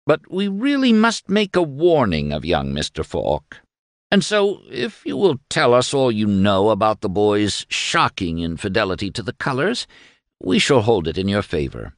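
A man's voice: fairly low pitch, wildly swooping pitch, normal speed, no room sound, studio quality. A man voicing a courtly male prison-camp captain who coaxes politely with false kindness. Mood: coaxing. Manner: polite, coaxing, falsely kind.

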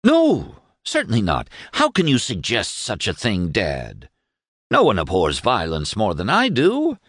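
A man's voice: fairly low pitch, huge pitch swings, unhurried, fairly bright tone, husky, no echo, studio quality, full character voice. A man voicing a pompous, overly cordial young male lawyer with stiff, formal, senatorial speech in an audiobook reading.

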